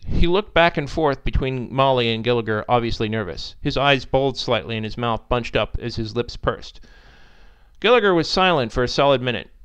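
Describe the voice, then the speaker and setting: A man narrating a story in an expressive, animated reading style. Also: medium pitch, normal speed, clear, resonant tone.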